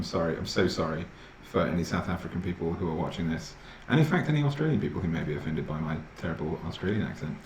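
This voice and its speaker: A man's voice: low-pitched, echoey room, a little hiss or hum, rough recording. A man in his late twenties, hosting a livestream in casual, rambling chat full of fillers and restarts. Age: 20s. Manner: rambling, self-deprecating, lots of fillers and restarts. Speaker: stream host.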